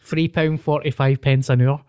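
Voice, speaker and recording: A man's voice: medium pitch, steady tone, moderate pace, mellow, smooth, dry recording, studio quality. A young Scottish man telling stories with swearing and laughter in casual podcast chat. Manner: storytelling, swearing, laughing often.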